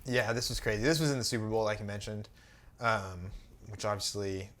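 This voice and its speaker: A young man talks in a relaxed, unhurried way on a casual podcast. He often pauses on fillers and trails off between thoughts. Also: fairly low pitch. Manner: relaxed, easygoing, halting with fillers. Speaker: podcast co-host. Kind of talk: casual sneaker chat.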